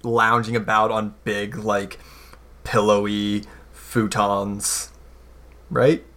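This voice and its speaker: A man's voice: fairly low pitch, slow pace. Laid-back man running a tabletop game. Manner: relaxed, laughing, teasing. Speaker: game master.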